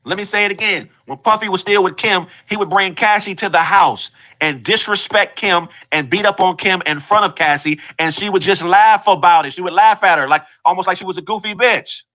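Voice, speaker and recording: A man's voice: high-pitched, brisk, few pauses, sharp tone. A man in a played clip, ranting as an online commentator and insistently repeating his claims. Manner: insistent and repetitive. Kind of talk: ranting social media commentary.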